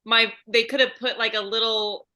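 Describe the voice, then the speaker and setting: A bubbly woman hosts a casual podcast chat, laughing often and restarting her sentences. Her voice is bright and sits a little high. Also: steady tone, normal speed. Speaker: podcast host.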